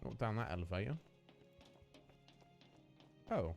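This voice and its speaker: A man's voice: lowish voice, sing-song, slow, gravelly, highs cut off, faint music behind. A man streaming a video game, chatting casually and rambling through a rant with lots of fillers. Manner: rambling, ranting, many fillers.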